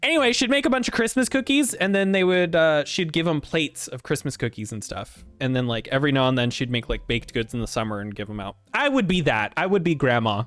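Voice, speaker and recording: A man's voice: fairly high pitch, expressive, brisk, few pauses, a bit bright, soft background music. A man streaming a game, profane and rambling in casual commentary.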